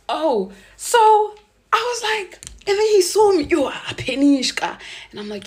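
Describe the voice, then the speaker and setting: A woman with a South African accent telling a casual storytime, animated, switching between English and isiZulu and laughing often. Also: very high-pitched, a little slow.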